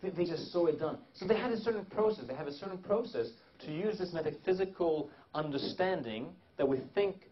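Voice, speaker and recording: A man's voice: a little high, animated, brisk, hardly any pauses, lo-fi sound. A man presenting a live seminar to a small audience, talking loosely with many restarts and fillers.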